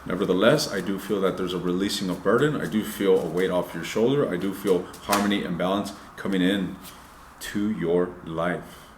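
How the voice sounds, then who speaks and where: A man's voice: low voice, normal speed, roomy sound, a little hiss or hum. A man giving a casual, loose tarot reading, swearing freely and talking straight to his viewers. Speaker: tarot reader.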